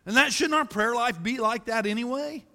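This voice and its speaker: High bright preacher in a reverberant hall. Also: male voice, normal speed, gravelly. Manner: folksy storytelling preacher, rises to loud emphasis. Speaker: pastor. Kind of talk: sermon. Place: church sanctuary.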